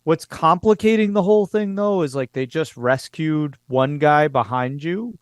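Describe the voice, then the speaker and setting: A man running a tabletop game with a smooth, clear voice. The sound is dry and close. He often stumbles and repeats a word before his thought gets going. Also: fairly high pitch, no room sound. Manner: halting, repeats words when starting. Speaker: game master.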